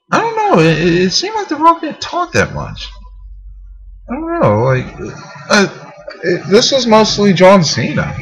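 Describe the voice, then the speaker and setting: A man rambling through a casual video review of a wrestling show, with many fillers and the occasional curse. His pitch swings widely from phrase to phrase. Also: fairly bright tone, lo-fi sound. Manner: rambling and hesitant, with frequent fillers and swearing.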